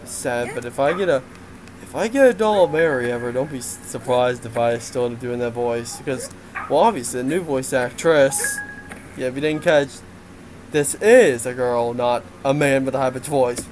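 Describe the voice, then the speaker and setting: A man's voice: mid-range voice, normal speed, a little mellow, slight background noise, low-quality recording. A man giving a casual game development update, rambling with lots of fillers and frequent laughs.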